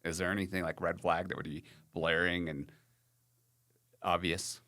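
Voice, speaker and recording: A man's voice: sits low, flat delivery, normal speed, sharp tone. A man hosting a podcast in casual chat, frank and rambling, full of "like" and "you know".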